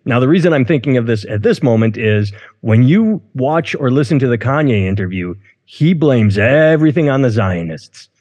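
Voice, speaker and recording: A man's voice: mid-range voice, animated, moderate pace, a little mellow. A man co-hosting a casual podcast chat, rambling and outspoken, often restarting his words. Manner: rambling, self-interrupting, outspoken. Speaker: podcast co-host. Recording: long room reverb.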